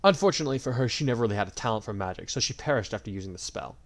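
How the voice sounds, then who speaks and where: A man's voice: mid-range voice, expressive, very fast, close to an everyday voice. Mocking dragon god, cruel and smug, theatrical drawl, a man puts him on.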